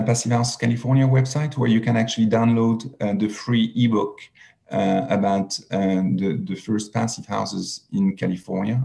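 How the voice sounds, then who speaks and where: A man with a French accent gives a webinar talk over a video call. His voice is low and gravelly with a mellow, dark tone, and he speaks haltingly with many fillers and restarts. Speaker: presenter. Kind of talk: webinar presentation.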